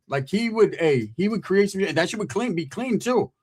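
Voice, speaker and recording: A man's voice: sits high, animated, moderate pace, darkish tone, husky. A man from California telling a rambling, profane street story in casual talk, acting out the other people in it.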